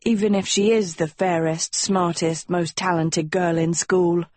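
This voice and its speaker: A woman's voice: on the low side, steady tone, a little slow, darkish tone, no echo. A woman voicing a stern, slangy schoolboy who teases his friend bluntly. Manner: blunt, mocking. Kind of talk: audiobook character voice.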